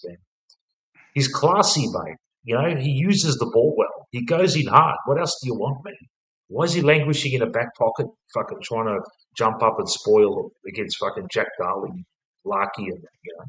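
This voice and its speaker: A man's voice: on the low side, a bit bright, echoey room, rough recording. A young Australian man co-hosting a casual football chat, rambling and swearing constantly in a laid-back way. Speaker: podcast co-host.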